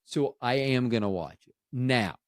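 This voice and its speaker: A man's voice: medium pitch, measured pace, dry recording, studio quality. A man in his fifties from Florida, hosting a podcast in a rambling, self-interrupting, jokey solo chat. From Tampa Bay, Florida, USA. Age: 50s. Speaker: podcast host.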